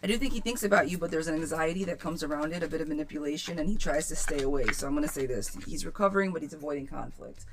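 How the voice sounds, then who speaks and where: A woman's voice: low-pitched, racing, hardly any pauses, a little hiss or hum. A woman giving a chatty live-stream tarot reading, reading viewers' questions aloud and calling them girl and friend. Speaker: tarot reader.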